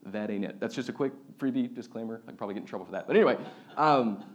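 A man's voice: on the low side, very fast. A young man giving a sermon as a pastor, talking casually and conversationally with fillers.

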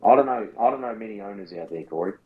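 Aussie bloke on a podcast, swears a lot, bossy mock lecture vibe. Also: male voice, fairly low pitch, expressive, rapid-fire, narrow, tinny audio. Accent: Australian. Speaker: podcast co-host. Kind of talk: casual chat.

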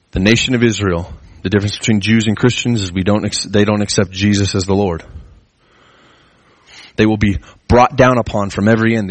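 A man preaching a sermon in an earnest way, his pitch climbing as he presses his points. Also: no room sound. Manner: earnest, rising pitch when stressing a point. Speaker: pastor.

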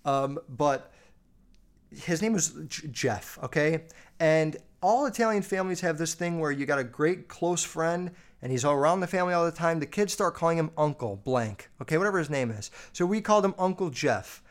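A man's voice: fairly high pitch, animated, normal speed. Foul-mouthed chatty male podcaster. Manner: swears constantly, lots of fillers. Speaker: podcast host. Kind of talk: casual storytelling.

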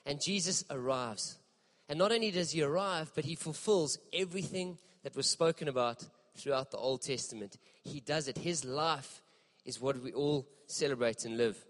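A man preaching a sermon in a church, impassioned and emphatic, with dramatic pauses. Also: a little high, big-room sound. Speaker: pastor.

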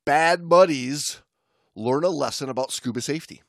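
A man's voice: fairly high pitch, moderate pace, a bit bright, no echo. Joking male podcast co-host, dry sound. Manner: joking, teasing banter. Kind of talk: casual chat.

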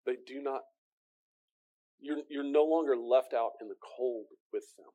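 A man preaching a sermon, earnest and direct with the congregation, often repeating words and swinging from emphatic peaks to soft, quiet lines. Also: mid-range voice, measured pace. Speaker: pastor.

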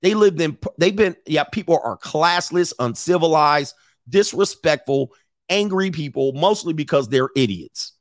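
A man's voice: on the high side, animated, a little slow, no room sound, studio quality. A male host giving blunt, opinionated casual reaction commentary, laughing often as he talks.

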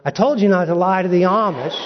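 A man's voice: high voice, brisk, big-room sound, lo-fi sound, a little hiss or hum, close to an everyday voice. A man doing a dryly scolding friend. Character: reproachful male friend, a colleague.

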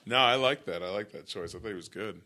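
A man's voice: lowish voice, quick pace, sharp tone. A man guesting on a podcast, chatting casually in a laid-back, joking way. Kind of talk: casual chat.

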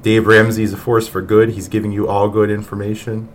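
Male podcast host, deepish voice, mocking and exasperated, faint noise behind. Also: little pitch movement, fairly quick. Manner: mocking, exasperated, laughs often. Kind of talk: reaction commentary podcast.

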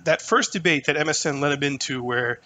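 Brief: podcast guest, man in his thirties, a touch high-pitched, loose and profane storyteller. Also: fairly quick. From New Hampshire. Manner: animated, profane, lots of fillers. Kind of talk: casual storytelling conversation.

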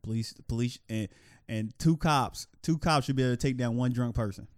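A man talks in loose podcast chat, animated and prone to restarting and repeating phrases. His pitch sits in the middle for a man. The recording is dry, with no room sound around him. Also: a little fast, no room sound. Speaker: podcast co-host.

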